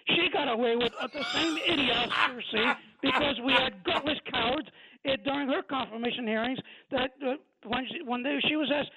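A man's voice: very high-pitched, brisk. A man calling in to a radio show, heated, combative and insulting as he rants. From New York. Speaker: caller. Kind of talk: call-in radio rant. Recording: tinny phone line with loud noise.

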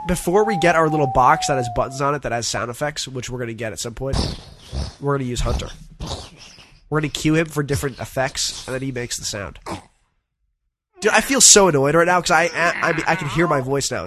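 Nasal-voiced man, lively and animated. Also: mid-range voice, brisk, a little hiss or hum. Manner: animated, joking storyteller. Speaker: co-host. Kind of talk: casual podcast chat.

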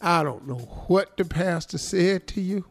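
A man's voice: high voice, measured pace, creaky, soft background music. A man hosting a radio show, reading out a listener's letter and teasing it with comic commentary. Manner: playful, teasing, breaks into laughter.

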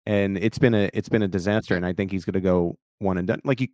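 A man's voice: low-pitched, steady tone, fast, darkish tone, no echo, clean studio sound. A man co-hosting a sports podcast, giving blunt, matter-of-fact analysis in casual talk. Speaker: podcast co-host.

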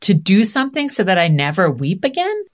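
A woman's voice: mid-range voice, a little fast. A woman in her fifties, a podcast guest talking candidly in conversation and acting out the voices of family members. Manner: animated, acts out quoted voices.

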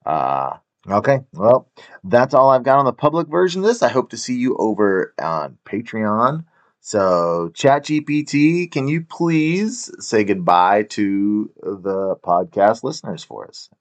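A man's voice: fairly low pitch, sing-song, unhurried. A man hosting a podcast in casual chat, playful and easygoing, laughing often. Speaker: podcast host.

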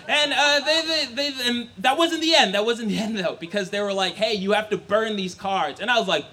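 A young man from Brooklyn tells a comic story to a live audience. His voice sits very high and sounds bright and forceful. He acts out the family voices with animated delivery and laughs often as he goes. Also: brisk. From Brooklyn, New York. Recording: live stage mic.

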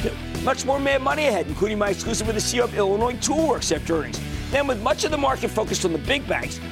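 A man hosting a stock market TV show, losing his voice, giving emphatic, punchy commentary straight to viewers. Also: high-pitched. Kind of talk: energetic financial TV commentary.

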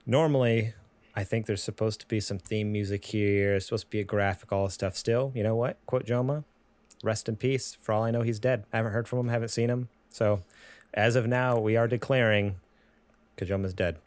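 A man hosting a podcast, joking around in casual chat with frequent halting restarts. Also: lowish voice, steady tone, darkish tone, dry recording. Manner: jokey, rambling, halting restarts. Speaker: podcast host.

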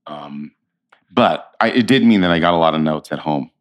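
Deep-voiced man in his fifties. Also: moderate pace. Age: 50s. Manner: animated storyteller, acts out quotes. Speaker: actor guest. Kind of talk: casual interview chat.

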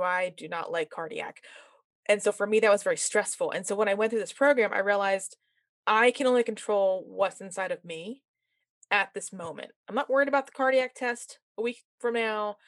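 A woman's voice: mid-range voice, no room sound. Giggly chatty woman host, dry sound. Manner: chatty and giggly, quick jokey asides. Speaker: podcast host, nurse. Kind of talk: casual podcast conversation.

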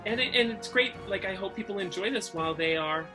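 A man's voice: high voice, brisk, over music. A man from Massachusetts with a faint Massachusetts accent, co-hosting a podcast in a chatty, rambling, self-deprecating way. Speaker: podcast co-host. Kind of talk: casual chat.

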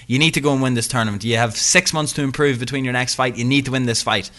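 A man's voice: medium pitch, steady tone, fast talker, bright, forceful tone. A young Irish man co-hosting a podcast, chatty and jokey, talking himself up. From Ireland. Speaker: podcast co-host. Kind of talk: casual podcast chat.

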